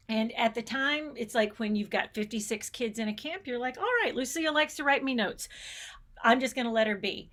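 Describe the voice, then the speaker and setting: A woman's voice: a little high, a bit bright. A middle-aged woman giving a conference keynote, telling stories with enthusiasm and changing pace often. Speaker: keynote speaker, space educator. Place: conference stage.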